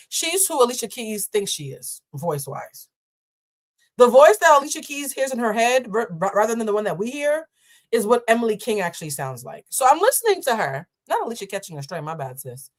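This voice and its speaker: Animated woman telling a story. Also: on the high side. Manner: animated, deliberately slows down. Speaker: host. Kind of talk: live-stream storytelling.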